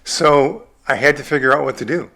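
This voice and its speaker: A man's voice: medium pitch, fairly quick. A man in his sixties from the American Midwest, a film director telling stories from his career in a casual interview and acting out what people said. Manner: animated storyteller who acts out his own quotes.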